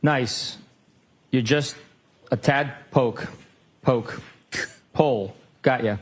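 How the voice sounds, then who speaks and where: A man reads a string of text messages aloud in court. His voice sits in the middle range, and his delivery is flat and measured. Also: mid-range voice, slightly rough. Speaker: witness reading texts.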